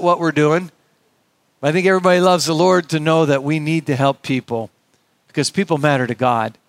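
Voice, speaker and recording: Middle-aged male pastor, earnest sermon voice, slightly high, close and dry. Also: fairly quick, dry recording. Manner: earnest, conversational preaching with quoted dialogue.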